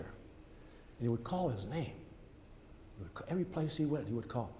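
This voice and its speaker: Older priest spinning a folksy story from the pulpit, chatty asides to the pews, long church echo, faint room hum. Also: male voice, medium pitch, animated, measured pace, pauses often, a little mellow. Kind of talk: storytelling sermon. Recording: church hall reverb with faint ambience.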